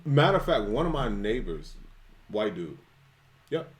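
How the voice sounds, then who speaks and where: A man co-hosting a livestreamed podcast, his pitch jumping around as he jokes. He talks in easy slang and gives shout-outs to the people watching. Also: sing-song, unhurried. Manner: joking, slangy, shouts out listeners. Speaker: podcast co-host. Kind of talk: casual chat.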